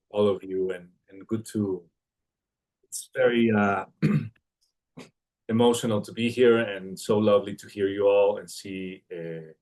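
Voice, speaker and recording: Low-voiced man from Mexico reading a tribute. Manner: hesitant start, then steady reading with a poetic rhythm. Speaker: family friend giving a tribute. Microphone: livestream connection.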